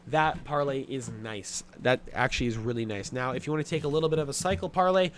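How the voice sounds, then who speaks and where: This young host of a sports betting podcast covers his picks casually and bluntly, with plenty of profanity and filler words. He's a fast talker with a mid-range voice, and a little hiss or hum sits under it.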